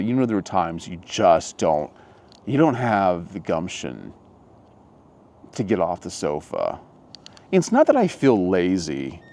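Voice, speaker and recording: A man's voice: low voice, a little mellow. A man vlogging outdoors in a casual, reflective monologue, musing and rambling with frequent restarts. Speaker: motivational vlogger.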